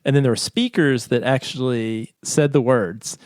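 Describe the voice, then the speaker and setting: A man's voice: mid-range voice, normal speed, darkish tone, dry recording, studio quality. A man co-hosting a podcast, explaining a research study in casual chat and laughing often. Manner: chatty, laughs often, reads scripts aloud. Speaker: podcast co-host.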